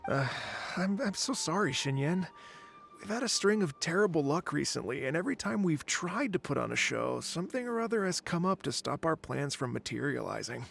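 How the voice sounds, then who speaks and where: A man's voice: fairly high pitch, big pitch swings, fairly quick, vocal fry, fairly bright tone, faint music behind, exaggerated voice. An actor playing an apologetic, hesitant male tour organizer in a video game.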